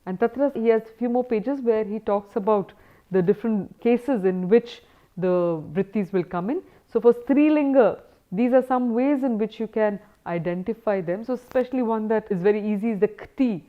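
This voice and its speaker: Woman lecturing over tinny lo-fi audio. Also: on the high side. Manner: mixes English with Sanskrit terms, checks in with "huh?". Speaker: Sanskrit grammar teacher. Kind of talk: recorded lecture recap. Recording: tinny phone-like sound.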